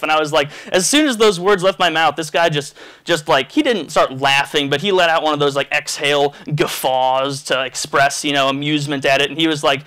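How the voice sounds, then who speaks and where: A man telling a crude, rambling story in a casual vlog, animated and full of restarts. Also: a little high, fairly quick, hardly any pauses, clean tone. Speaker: vlogger.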